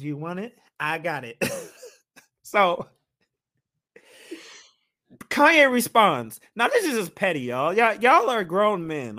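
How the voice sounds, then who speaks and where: A man co-hosting a casual podcast chat, animated and laughing often as he retells a story. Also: high voice. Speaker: podcast co-host.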